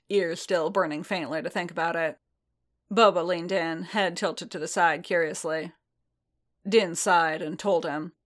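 A woman narrating a story aloud in a steady, even storytelling manner. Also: fairly low pitch. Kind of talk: audiobook reading of fan fiction.

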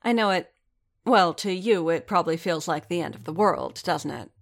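A proud warrior woman speaks coolly and with a mocking edge, lecturing as if to a slow pupil, voiced by a woman reading the story. Her tone is low and a little gravelly. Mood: scornful.

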